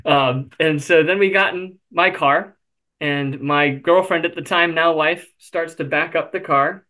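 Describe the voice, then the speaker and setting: A man's voice: fairly high pitch, measured pace, pushed and bright. A man being interviewed, telling a personal story candidly, with self-deprecating humor and frequent fillers. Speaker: interview guest.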